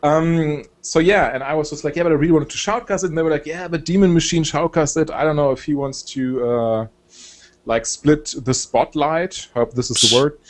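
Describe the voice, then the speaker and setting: A young man from Germany with a German accent, chatting casually as a guest, relaxed and hesitant with many fillers. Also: a little high, moderate pace. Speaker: guest, game shoutcaster. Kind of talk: casual chat.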